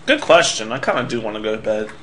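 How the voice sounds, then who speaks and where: A man's voice: lowish voice, very animated, quick pace, sharp tone, a little hiss or hum. Sarcastic young man playing a game. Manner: sarcastic, swearing, tired. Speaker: let's player. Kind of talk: casual game commentary.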